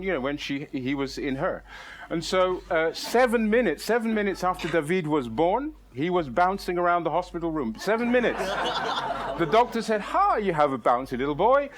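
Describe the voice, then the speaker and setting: A middle-aged man spins a comic tale on stage with a somewhat high voice. He talks in an animated, exaggerated way, laughing through his own lines as he goes. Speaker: storyteller. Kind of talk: comic live storytelling. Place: storytelling stage.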